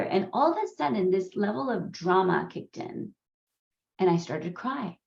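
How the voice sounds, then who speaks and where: Woman, native Gujarati speaker, animated storyteller, echoey room, slightly muffled audio. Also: medium pitch, moderate pace, vocal fry. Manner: candid, animated storytelling with frequent laughs. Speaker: parenting course host. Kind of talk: conversational course talk. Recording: roomy, slightly dull sound.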